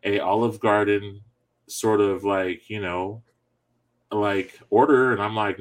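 A man telling a story in casual chat, animated and laughing often as he goes. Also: fairly low pitch, measured pace.

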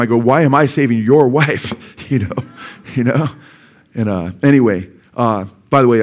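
A middle-aged male pastor preaching in a church, telling stories in a conversational, animated way with frequent asides to the congregation. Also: mid-range voice. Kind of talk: storytelling sermon.

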